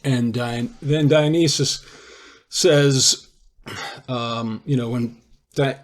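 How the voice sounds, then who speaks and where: A man's voice: medium pitch, fairly even intonation, drawn-out words. Man retelling a classic play in conversation. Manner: conversational storytelling with restarts. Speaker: lecturer. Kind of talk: informal lecture explaining a theory.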